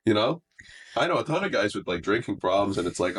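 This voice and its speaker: A man's voice: on the low side, sing-song, fast, husky. A man, a comedian guest on a podcast, chatting casually with a stuffy nose from allergies, rambling and laughing often. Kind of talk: casual chat.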